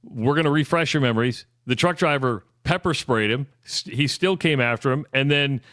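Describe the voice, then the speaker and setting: A man's voice: mid-range voice, normal speed, a bit bright, dry recording. A man co-hosting a sports radio show, steering the chat with questions in a conversational studio back-and-forth. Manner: questioning, conversational, leading with prompts. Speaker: radio sports talk co-host.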